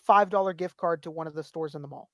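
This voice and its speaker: A man's voice: fairly high pitch, quick pace, dry recording, clean studio sound. A man in his thirties co-hosting a podcast, telling rambling stories, swearing freely and acting out quotes. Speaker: podcast co-host. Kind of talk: casual chat.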